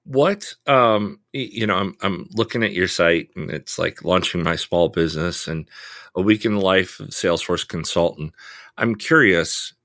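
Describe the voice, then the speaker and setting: A deep-voiced man hosts a podcast interview. He asks questions in a relaxed, curious way and pokes fun at his own nerdiness. His voice sounds close and dry, with no room echo. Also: normal speed. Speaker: podcast host. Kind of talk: casual interview chat.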